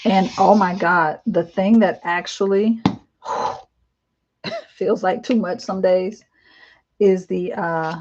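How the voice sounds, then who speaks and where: A woman in her fifties chatting casually on a live stream, candid and rambling, with lots of fillers, laughs and animated quoted asides. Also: medium pitch, slow pace, long pauses, highs cut off, a little hiss or hum. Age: 50s. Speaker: vlogger. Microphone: live-stream camera mic.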